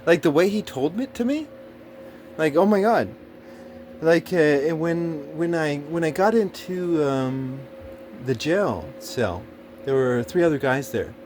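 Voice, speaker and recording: This storyteller's voice is a little high with a darkish tone, animated but unhurried, and there's slight background noise. He rambles through a personal experience in a casual monologue, swearing a lot and stumbling over fillers and false starts.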